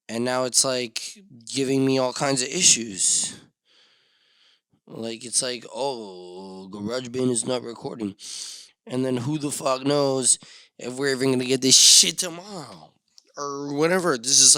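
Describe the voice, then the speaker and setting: Profane rambling podcast host, crisp dry voice. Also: male voice, medium pitch, dry recording. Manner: profane, drunken, self-mocking rants with sudden loud outbursts. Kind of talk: rambling solo podcast monologue.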